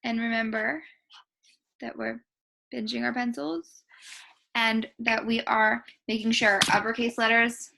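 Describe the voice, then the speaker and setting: A kindergarten teacher, a young woman talking slowly and sing-song to small children through a writing lesson. Her voice sits a little high and bright, with a gravelly fry running under it. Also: steady tone.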